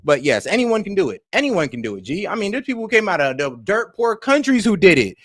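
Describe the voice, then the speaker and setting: A high-voiced man with a pitch that leaps all over the place, talking back at a video in brash, mocking bursts. He swears freely and laughs at his own jabs. The sound is dry and close. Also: sing-song, fast, no echo. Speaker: reaction streamer. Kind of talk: casual reaction commentary.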